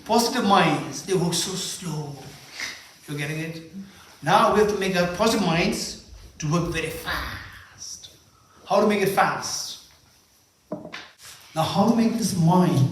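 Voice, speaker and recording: A man's voice: sits high, expressive, unhurried, pauses often. Playful male teacher in an echoing hall. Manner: playful, questioning the audience, laughs often. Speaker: Buddhist teacher leading a retreat. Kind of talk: dharma teaching with live exercises. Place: large echoing monastery hall. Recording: echoey hall from far off with faint noise.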